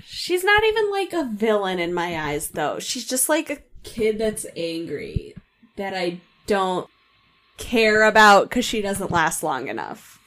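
Female co-host, expressive swinging pitch, dry side comments, casual chat. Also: unhurried. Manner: agreeing, short backchannel replies, dry comments. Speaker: podcast co-host.

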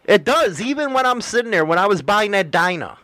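A man's voice: high voice, sing-song, a little fast, pushed and bright, no room sound. A man in casual chat, ranting bluntly and swearing constantly. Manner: blunt, heavily profane ranting.

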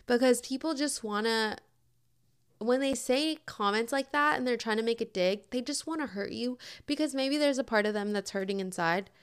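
A young woman hosts a podcast of casual advice, answering listener questions in a chatty, upbeat way full of "like" and "oh my God." Her fairly high voice is clear and resonant at normal speed.

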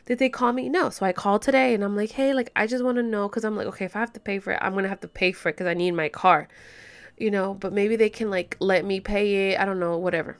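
A woman's voice: mid-range voice, steady tone, fast. A young woman telling a story in a casual home vlog, venting and swearing freely, full of "like" and "you know". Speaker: vlogger. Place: home bedroom.

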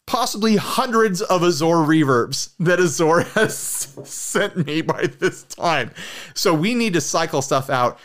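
A man co-hosting a podcast in loose, rambling, jokey chat. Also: mid-range voice. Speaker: podcast co-host. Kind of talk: casual chat.

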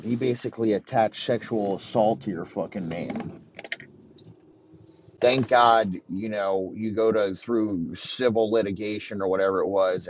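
A man's voice: fairly low pitch, dull audio, slight background noise. A man giving a rambling, crude comedic rant, swearing constantly.

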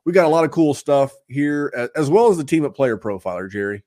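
A man's voice: on the high side, lively intonation, fairly quick. Upbeat rambling male podcast host. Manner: upbeat, rambling, hands out shout-outs and plugs. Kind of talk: casual podcast chat.

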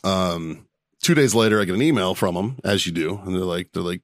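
A man's voice: deep voice, brisk, no room sound, clean studio sound. A man hosting a podcast in casual chat, telling a story with lots of laughs and swearing. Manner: animated storytelling, laughs a lot, swears freely. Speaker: podcast host.

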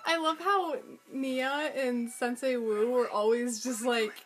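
A woman co-hosting a podcast, chatting casually and dropping quick trivia while watching an episode. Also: fairly high pitch, steady tone, soft background music, rough recording. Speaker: podcast co-host.

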